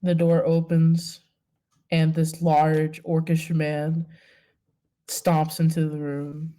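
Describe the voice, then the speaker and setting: Woman gm narrating a tabletop scene, slow and halting, mellow low voice. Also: monotone. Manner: hesitant, lots of pauses and fillers. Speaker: game master.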